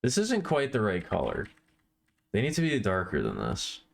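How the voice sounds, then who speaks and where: His voice sits on the low side, with vocal fry and huge pitch swings, at a normal speed. He's a livestreamer who draws while talking casually to his chat, rambling and often correcting himself mid-sentence.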